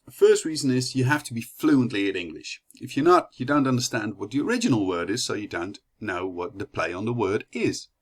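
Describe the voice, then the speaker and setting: A man's voice: mid-range voice, big pitch swings, brisk, hardly any pauses. A young man from the Netherlands with a Dutch accent, giving a chatty class presentation full of fillers and restarts. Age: young adult. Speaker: student presenter.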